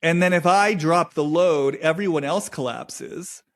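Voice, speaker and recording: Man musing slowly in a searching monologue. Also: a little high. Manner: halting, searching, repeats phrases slowly. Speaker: podcast host. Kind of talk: reflective solo monologue.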